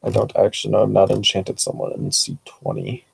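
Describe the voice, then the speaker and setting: A man's voice: lowish voice, sing-song, fairly quick, gravelly, husky, no room sound. A man player talking through game rules, hesitant and thinking aloud. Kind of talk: tabletop role-play, rules talk.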